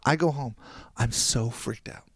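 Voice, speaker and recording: A man's voice: mid-range voice, a little slow, no room sound, studio quality. A young man casually telling a long story on a podcast, acting out the people he quotes. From New Jersey. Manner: animated, acts out quoted people. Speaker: podcast guest.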